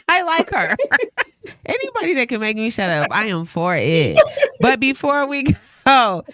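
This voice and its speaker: Lively woman radio host telling stories. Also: fairly high pitch, measured pace, no echo, clean studio sound. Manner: animated storyteller who acts out quoted voices; laughs often while talking. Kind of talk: casual radio interview chat. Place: radio studio.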